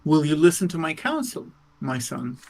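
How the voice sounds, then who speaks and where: A man reading the part of a gentle, earnest male priest, speaking softly, slowly and coaxingly. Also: on the high side, very animated, creaky, heavily acted, poor audio. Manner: soft, slow, coaxing.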